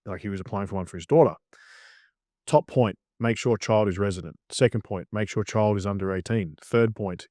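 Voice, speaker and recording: A man's voice: on the low side, brisk, dark tone, no echo, studio quality. An Australian man, a guest, talking bluntly and swearing freely in a casual interview.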